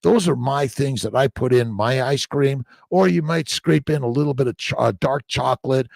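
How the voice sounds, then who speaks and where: At a moderate pace, a gravelly-voiced middle-aged man hosts a casual live-stream chat, reading viewer comments aloud with upbeat exclamations that shift between loud bursts and low murmurs. The sound is clean studio audio without echo.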